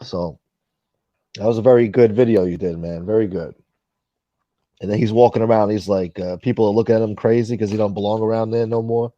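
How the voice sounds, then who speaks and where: A man's voice: lowish voice, fairly even intonation, a little fast, warm tone, dry recording, lo-fi sound. A man hosting a casual livestream, chatting bluntly, swearing freely and reading out viewer comments. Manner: blunt, rambling, swears freely, mimics others. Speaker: livestream host.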